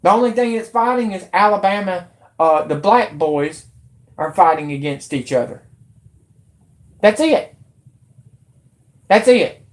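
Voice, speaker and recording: A woman's voice: fairly low pitch, normal speed. A woman, ranting angrily and swearing as a YouTube commentator. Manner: angry, profane, shouting in bursts. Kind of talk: angry political rant.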